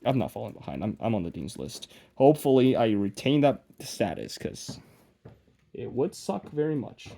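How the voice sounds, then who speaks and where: A man's voice: mid-range voice, very animated, normal speed, vocal fry, mellow. Young guy vlogging while he tinkers, kinda mumbly and self-deprecating, voice bounces up and down a lot. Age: young adult. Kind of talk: casual rambling vlog while working.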